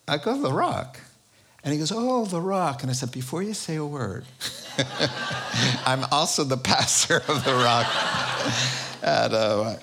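A pastor preaching a sermon, telling a story with frequent laughter. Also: male voice, medium pitch, a bit bright.

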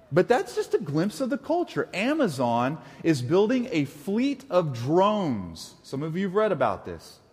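A young adult man preaching a sermon, animated, with playful asides and mimicked voices. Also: on the high side, slightly rough. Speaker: pastor. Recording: long hall reverb.

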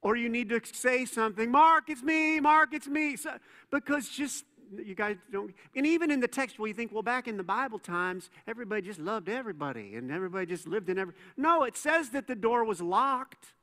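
Bright high-voiced male pastor. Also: expressive, a little fast. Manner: conversational, playful storytelling with asides. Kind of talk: sermon. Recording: long reverb in a church hall.

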